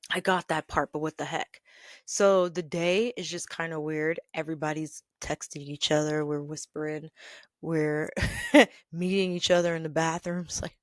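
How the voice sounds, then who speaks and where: A woman hosting a podcast, telling a workplace story in an animated, exasperated way and laughing now and then. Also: lowish voice, normal speed, no room sound, studio quality. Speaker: podcast host. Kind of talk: storytelling rant.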